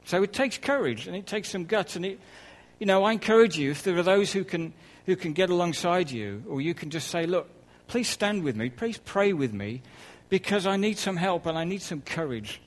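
A man preaching a conversational sermon, with soft laughs and quiet asides. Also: high voice, lively intonation, moderate pace, hardly any pauses, low-quality recording.

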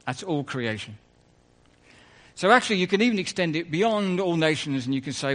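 A man's voice: fairly high pitch, animated, moderate pace, a bit bright. Man preaching a chatty sermon. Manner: conversational, rambling asides, self-correcting. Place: church.

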